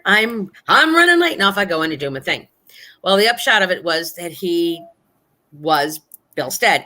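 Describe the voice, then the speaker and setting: A woman's voice: low voice, bright, forceful tone. A woman telling a ghost story in casual chat, rambling and earnest, with many fillers. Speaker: guest storyteller.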